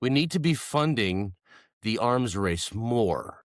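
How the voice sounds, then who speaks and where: Male co-host, jokey deadpan banter, lively pitch, dry close mic. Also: slow pace, no echo. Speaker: podcast co-host. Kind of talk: casual movie review chat.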